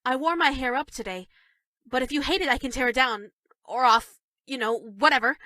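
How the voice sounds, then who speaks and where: A woman voicing an obsessive, lovestruck teenage schoolgirl in game dialogue, giggly and breathy, swinging between gushing and dark murmurs. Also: high voice, moderate pace, no echo, clean studio sound. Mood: sweet.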